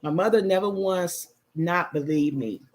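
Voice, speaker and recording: With a glass of wine at hand, a middle-aged woman with a Chicago-area accent reads viewer comments on her casual livestream, candid and emphatic. Her voice sits on the low side, slightly mellow, at a measured pace.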